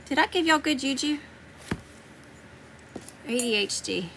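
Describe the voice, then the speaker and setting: A woman greets viewers on a casual livestream. Her voice is bright and sits a little high. She jokes around, swears freely and laughs easily, with a faint hiss of background noise. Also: expressive, a little slow. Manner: laid-back, joking, swears freely, laughs often. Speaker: tarot reader livestream host.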